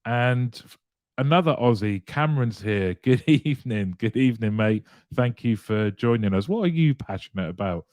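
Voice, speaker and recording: Chatty male host with a low, dry voice. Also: animated, normal speed, a little mellow, no echo. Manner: chatty, greets viewers one by one, laughs lightly. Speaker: live show host. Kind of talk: casual live-stream chat, reading viewer comments aloud.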